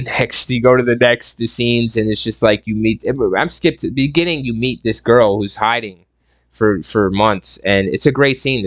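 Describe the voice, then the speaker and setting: A man's voice: lowish voice, a bit bright, no echo, muffled recording. A man giving a casual, profane and rambling movie review rant, sarcastic and full of restarts.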